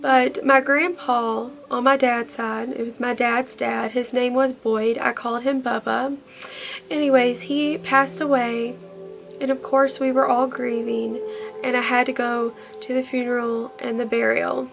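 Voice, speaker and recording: Woman, high gravelly voice, earnest storytime vlogger. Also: flat delivery, unhurried, soft background music. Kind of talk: storytime vlog.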